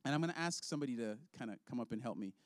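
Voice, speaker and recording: A man's voice: medium pitch, lively intonation, very fast, dry recording, clean studio sound. A man leading an object lesson for kids in a children's ministry, upbeat and playful, laughing often.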